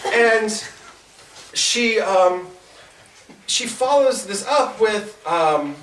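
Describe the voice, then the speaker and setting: A young comedian at a small club's open mic stammers through a story, stopping and restarting again and again, in a high-pitched, animated, slightly bright voice. He's captured without a microphone from across the room, giving a distant, roomy sound with a little hiss or hum and audience laughter behind him.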